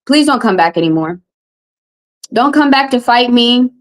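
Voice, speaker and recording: A woman's voice: a little high, animated, moderate pace. Upset woman tarot reader ranting on stream. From American South. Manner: upset, confrontational, repetitive. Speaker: tarot reader and livestream host. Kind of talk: heated live-stream rant.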